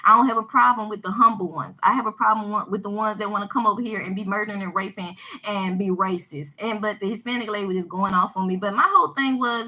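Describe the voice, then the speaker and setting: A woman telling a personal story to her viewers in a casual vlog, animated and emphatic, often repeating herself. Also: medium pitch, fast talker, hardly any pauses, rough recording. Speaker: vlogger addressing her viewers.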